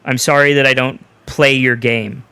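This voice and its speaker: A man's voice: medium pitch, little pitch movement, normal speed, sharp tone, clean tone, no echo. A man co-hosting a podcast in casual chat, ranting bluntly and swearing freely. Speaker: podcast co-host.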